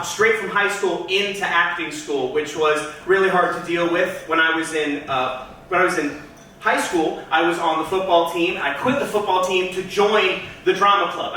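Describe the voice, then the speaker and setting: A man from Georgia doing a stand-up comedy set in a club, chatty and self-deprecating with quick asides to the crowd. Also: sits high, bright, forceful tone, recorded from a distance, a little hiss or hum. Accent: trained neutral American, Southern accent dropped. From Georgia, USA. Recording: echoey club heard from off-mic.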